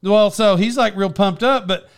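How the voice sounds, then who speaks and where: High-voiced man telling an animated story. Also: moderate pace, clear, resonant tone. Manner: animated storytelling, shouting impressions of an excited fan. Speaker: storyteller in a casual chat. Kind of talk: casual chat.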